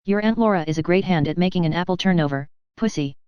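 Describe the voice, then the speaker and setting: A woman voicing an odd, kindly older male cousin in a storybook, hushed and solemn. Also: lowish voice, fast, clean tone, no echo, highs cut off, natural voice. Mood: conspiratorial.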